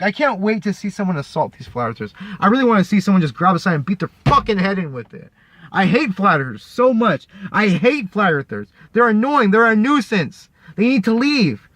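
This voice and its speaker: Angry ranting man, high voice. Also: a bit bright, no echo. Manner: heated, profane, repetitive, mocking. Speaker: vlogger.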